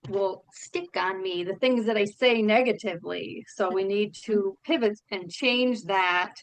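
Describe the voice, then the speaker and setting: A woman's voice: medium pitch, unhurried, rough recording. A woman on a team call thoughtfully relaying what she took away from a training session. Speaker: team member sharing notes. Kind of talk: casual chat on a call.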